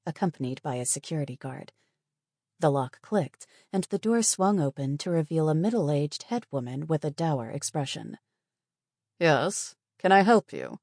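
Woman audiobook narrator, measured and even, with a dry, close sound. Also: low-pitched, no room sound. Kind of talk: scripted narration.

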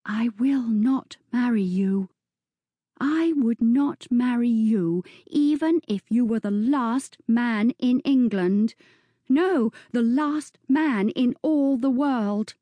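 A woman's voice: expressive, unhurried, warm tone, slightly rough, dry recording. A scared yet defiant young lady voiced by a woman reader speaks in a much raised, strained voice, pleading and insisting. The sound is dry and close to the mic. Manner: high, strained, pleading then firm.

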